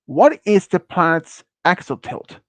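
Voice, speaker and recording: Halting man reading quiz questions. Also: high-pitched, big pitch swings, a bit bright, no room sound. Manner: halting, many fillers and restarts, non-native phrasing. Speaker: quiz host. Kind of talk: casual stream chat, reading quiz questions.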